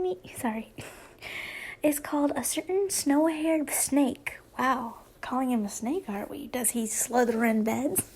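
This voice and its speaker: A woman's voice: sits high, a little mellow, husky. A young woman casually reading fan fiction aloud, giggling and breaking off into chatty asides. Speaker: fanfiction reader and channel host.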